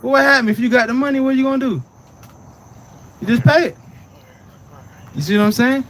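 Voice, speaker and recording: A man's voice: very high-pitched, a little fast, a bit bright. A man teaching scripture in a casual preaching way, often asking "right?" and "you understand?" and telling the reader to read on. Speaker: Bible teacher.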